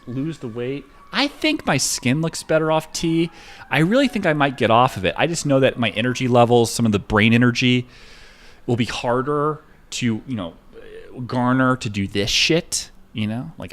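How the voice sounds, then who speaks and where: A man chatting casually on a live stream while trading, rambling and profane, with lots of filler words. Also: mid-range voice. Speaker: livestreamer trading stocks.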